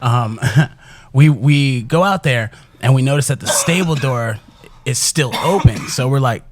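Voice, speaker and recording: A man's voice: mid-range voice, a little slow, a little hiss or hum. Profane laughing young guy telling stories. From Chicago. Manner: profane, laughing, animated storyteller. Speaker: podcast guest. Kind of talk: casual storytelling.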